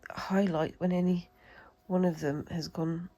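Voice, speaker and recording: A woman's voice: lowish voice, steady tone, a little slow, dark tone, low-quality recording. A British woman with a cold, chatting and rambling casually as she demonstrates a craft, talking to herself while she works. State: has a cold. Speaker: craft vlogger.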